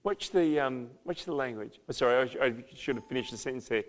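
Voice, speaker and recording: A man preaching a sermon as pastor, emphatic, with loud, dramatic peaks. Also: mid-range voice, fast talker. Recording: long hall reverb.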